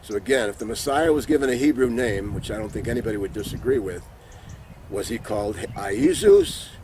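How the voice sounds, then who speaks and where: A man's voice: on the low side, huge pitch swings, fairly quick, a little mellow, slight background noise. A man giving an informal religious teaching, earnest and repeating his key points for emphasis. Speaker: Bible teacher. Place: sitting somewhere in Israel.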